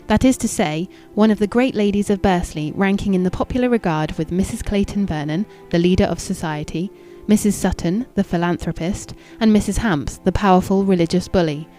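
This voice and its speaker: A woman narrating a classic novel in a measured, even and formal reading. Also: medium pitch, soft background music. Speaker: audiobook narrator.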